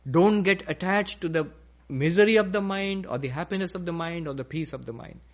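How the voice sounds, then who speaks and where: A man giving a slow, emphatic spiritual lecture, repeating key phrases as he teaches. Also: high voice. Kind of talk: philosophical lecture. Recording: dull lo-fi recording.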